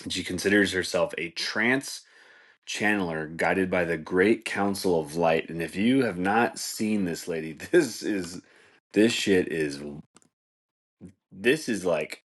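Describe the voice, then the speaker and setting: A man's voice: low-pitched, slow. A man hosting a podcast, rambling through a casual comedic monologue and laughing at his own jokes. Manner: rambling, laid-back, says "dude" and "like" a lot, laughs at his own jokes. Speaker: podcast host.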